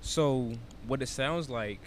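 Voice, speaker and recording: A man's voice: mid-range voice, takes it slowly, slight background noise. A man in casual conversation, explaining ideas animatedly with analogies and casual swearing. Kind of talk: casual chat.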